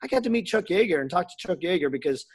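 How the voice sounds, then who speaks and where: Animated storytelling man, higher voice. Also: very fast, slightly rough. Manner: animated, acts out dialogue in his stories. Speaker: guest. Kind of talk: casual storytelling.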